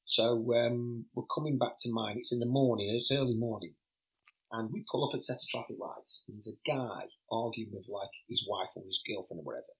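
A middle-aged former footballer, a man, telling animated anecdotes in a casual podcast interview, often stammering and repeating words. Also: medium pitch, a little fast, low-quality recording.

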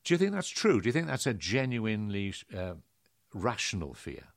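Lower-voiced man hosting, opinionated. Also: sing-song, gravelly, dry recording, studio quality. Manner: brisk, opinionated, swings in pitch. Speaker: host. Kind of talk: conversational interview.

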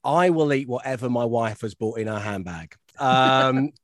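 A man's voice: medium pitch, moderate pace, fairly bright tone, no echo, studio quality. A middle-aged man from London telling self-deprecating anecdotes in a casual chat. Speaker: radio host, guest curator.

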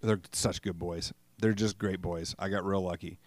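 A man's voice: low voice, steady tone, normal speed, no echo. Man, middle-aged, casual rambling monologue, self-deprecating, swears, dry sound. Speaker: podcast host. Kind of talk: casual solo podcast monologue.

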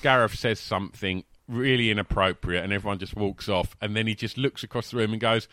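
A man, co-hosting a casual chat and talking in an animated, laughing way with many restarts. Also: fairly low pitch, a little fast, no echo, studio quality. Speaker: podcast co-host.

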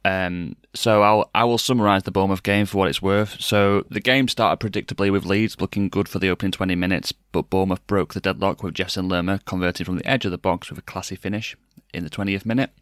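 A man's voice: sits low, steady tone, fast, few pauses, fairly bright tone, no room sound. A man hosting a casual football podcast, talking in a dry, sardonic way. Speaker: podcast host.

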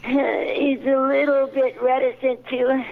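Casting: a man voicing a scared, naive young dwarf with a high, gravelly voice. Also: flat delivery, takes it slowly, phone-quality sound, slight background noise, full character voice. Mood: nervous. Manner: hesitant, fearful rambling. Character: timid, simple-minded young male dwarf.

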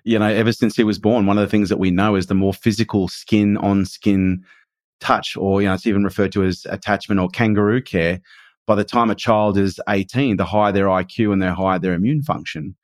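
Emphatic man, low dry voice. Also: fairly even intonation, brisk, a little mellow, no echo. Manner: earnest and emphatic, swears casually. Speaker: podcast guest. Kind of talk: casual conversation.

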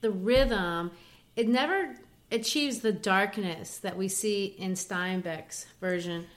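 A woman's voice: medium pitch, slow. A woman with a mid-range voice talks through a poem like a patient teacher. Her delivery is chatty and explanatory, with small restarts as she finds the right words. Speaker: co-host explaining poetry. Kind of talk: casual educational chat.

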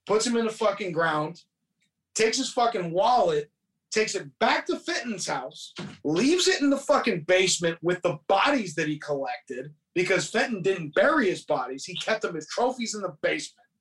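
High-voiced guy cussing his way through a movie recap, mic kinda far off. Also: sing-song, normal speed, fairly bright tone. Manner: profane, rambling storytelling with quoted voices. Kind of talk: casual movie recap chat.

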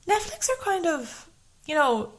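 A woman's voice: extremely high pitch, big pitch swings, a little slow. A young adult woman, co-hosting a podcast in a rambling, chatty way with lots of fillers. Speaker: podcast co-host. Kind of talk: casual chat.

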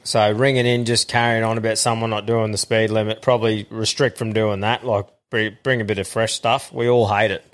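A man's voice: fairly low pitch, flat delivery, fairly quick, hardly any pauses, fairly bright tone. A man with an Australian accent co-hosting a casual podcast, blunt and full of swearing. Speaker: podcast co-host. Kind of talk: casual chat.

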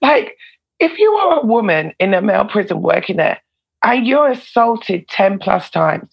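A woman, a former prison officer and comedian, telling stories in a casual interview, animated and swearing freely. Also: mid-range voice, moderate pace, gravelly, slightly rough, low-quality recording. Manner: animated, swears freely, laughs between lines. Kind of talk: casual storytelling in a podcast interview.

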